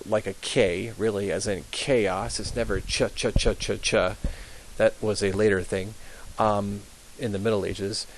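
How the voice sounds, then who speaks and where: A fairly low-voiced young man runs a classroom pronunciation lesson. He repeats each word slowly and patiently, filling pauses with ums. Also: a little hiss or hum, low-quality recording. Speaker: Latin teacher. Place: high school classroom.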